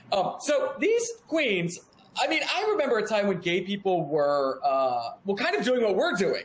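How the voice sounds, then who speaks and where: Animated, profane man in his thirties. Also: high voice, moderate pace. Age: 30s. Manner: animated storyteller, profane, acts out dialogue. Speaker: podcast guest. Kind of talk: casual interview chat. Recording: echoey room with faint background hum.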